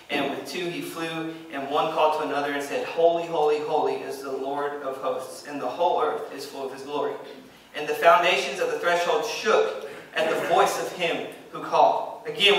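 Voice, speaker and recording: Man preaching, fairly high bright voice, emphatic and repetitive, echoey church room, heard from a distance. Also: a little hiss or hum. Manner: emphatic, repeats phrases, reads scripture aloud. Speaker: pastor. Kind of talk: sermon. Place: church sanctuary.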